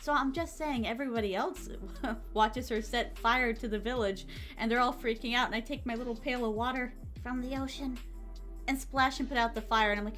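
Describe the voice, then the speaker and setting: A woman streamer chatting casually with her viewers and reading their comments, with a soft, relaxing, motherly voice. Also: fairly high pitch, normal speed, soft background music.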